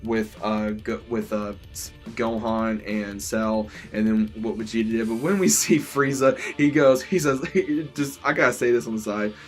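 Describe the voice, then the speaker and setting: A man's voice: lowish voice, normal speed, faint music behind. A young man casually retelling an episode as its reviewer, enthusiastic, rambling, with many restarts and constant "he says". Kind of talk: casual recap.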